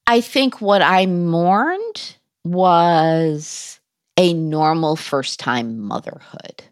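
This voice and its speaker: A woman's voice: lowish voice, expressive, extremely slow, no room sound, studio quality. A woman guest in an interview, telling a personal story in a candid, conversational way with wry humor.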